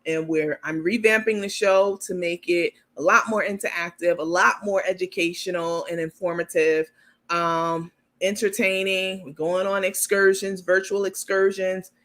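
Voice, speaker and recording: A woman's voice: fairly low pitch, fairly even intonation, moderate pace, fairly bright tone. Sassy woman hosting a live stream. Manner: sassy, joking, talks straight to viewers. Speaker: livestream host. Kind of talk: casual live-stream commentary.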